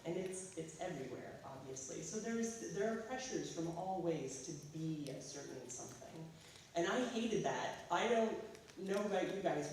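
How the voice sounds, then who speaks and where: Casual American woman speaker, halting delivery; distant mic, very echoey school hall. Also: deep voice, a little mellow, slight background noise. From California. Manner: casual, halting, filler-heavy. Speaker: guest speaker, artist. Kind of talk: school talk.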